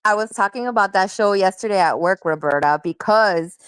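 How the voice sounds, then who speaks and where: A woman's voice: mid-range voice, a little fast, clear, resonant tone, no echo. A woman in her forties from Miami, chatting casually and animatedly in a group conversation. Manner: chatty, animated storytelling with laughs.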